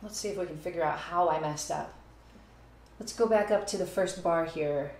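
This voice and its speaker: Recorded in an echoey space with faint background noise, a woman teaches a casual music lesson on video. Her voice is lowish and darkish in tone, at normal speed, as she talks through her playing and occasionally counts beats or scats short phrases.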